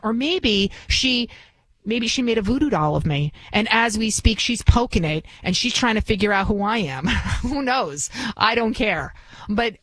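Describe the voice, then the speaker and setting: A woman's voice: medium pitch, a bit bright, no room sound, poor audio. A woman in her forties, hosting a radio talk show with an indignant, ranting monologue. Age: 40s.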